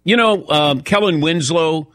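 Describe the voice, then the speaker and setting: A man's voice: on the high side, a little slow, a bit bright, dry recording, studio quality. A man hosting a sports radio show, telling a self-mocking story in casual chat while a little lightheaded.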